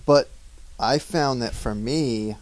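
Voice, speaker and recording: A man's voice: medium pitch, slow pace, low-quality recording. A man from Maine co-hosting a casual podcast chat, telling laid-back stories and laughing often. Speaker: podcast co-host.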